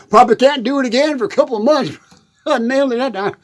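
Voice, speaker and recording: A man's voice: very high voice, quick pace. A man rambling through a comic monologue in a hot, dusty shed. He giggles through his words and keeps stumbling over them. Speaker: country comedian.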